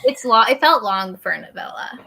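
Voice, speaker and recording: A woman joining a reading livestream over a video call, chatting in a relaxed, self-deprecating way. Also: on the high side, fairly quick, creaky. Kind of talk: casual chat on a reading livestream.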